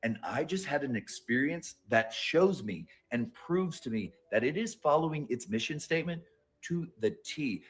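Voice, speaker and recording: A man's voice: mid-range voice, expressive, moderate pace. A man telling an anecdote in an earnest, emphatic way, often repeating words. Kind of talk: casual spiritual storytelling.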